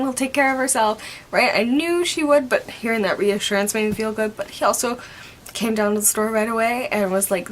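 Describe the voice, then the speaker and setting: A young woman tells a story in a loose, chatty way. Her voice sits a little high, and she laughs often between lines. A faint low rumble hums in the background. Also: fairly bright tone. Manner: chatty, laughs often, acts out what others said. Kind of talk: casual storytelling.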